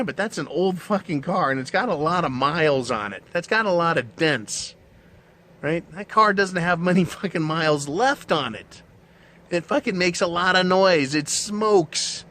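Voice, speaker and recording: A man's voice: on the high side, a bit bright. A man hosting his own show, delivering a blunt, profane, mocking monologue. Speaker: show host. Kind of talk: ranting monologue.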